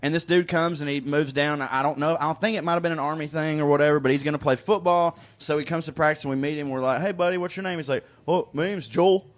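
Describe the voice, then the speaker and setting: A man co-hosting a comedy podcast in casual chat, telling an animated story and mimicking other people's voices. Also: fairly high pitch, fast, few pauses. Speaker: podcast co-host.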